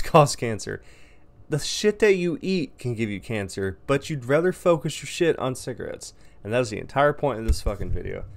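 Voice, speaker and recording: A young man vlogs in a casual, rambling rant. His voice sits low with a gravelly rasp, and he swears bluntly as he goes. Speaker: vlogger.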